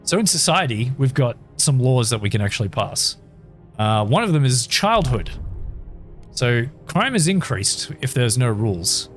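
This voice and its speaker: An Australian man talking through a colony strategy game in a relaxed, thinking-aloud way, filling his pauses with ums. His voice sits at a middle pitch, and faint game music plays behind him. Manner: talks to chat, thinks aloud with many ums. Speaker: gaming YouTuber. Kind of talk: casual gameplay commentary.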